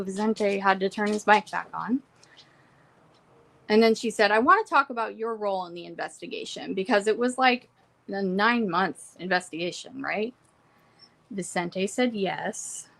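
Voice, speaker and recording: A woman's voice: mid-range voice, vocal fry, a bit bright. Casual woman recapping court notes. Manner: reads court quotes then adds asides. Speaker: trial reporter. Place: home room with pets.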